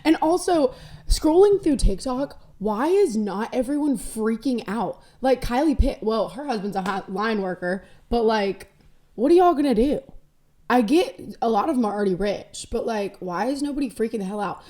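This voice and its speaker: A woman's voice: fairly high pitch, expressive, normal speed, mellow. A young woman hosting a casual solo podcast, rambling candidly between topics with self-deprecating jokes. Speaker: podcast host.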